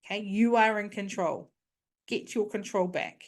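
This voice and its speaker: A woman's voice: medium pitch, moderate pace. A woman, hosting a podcast and giving casual, coaching advice, often checking in with "okay?". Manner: chatty, coaching, frequent "okay?". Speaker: podcast host.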